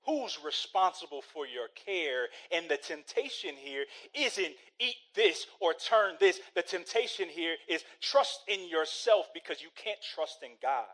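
A man's voice: a little high, lively intonation, measured pace, few pauses, a bit bright, low-quality recording. A male pastor preaching a sermon in a conversational, storytelling way, often checking in with "right?".

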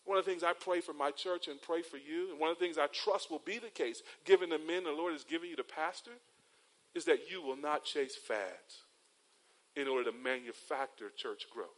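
Higher-voiced storytelling male preacher. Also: a little fast, fairly bright tone, rough recording. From North Carolina, USA. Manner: storytelling preacher with rhetorical tags, addresses listeners as beloved. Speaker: pastor. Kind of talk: sermon.

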